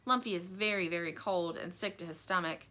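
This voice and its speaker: A woman reading a children's story aloud in an expressive, animated way. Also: fairly low pitch, a little fast.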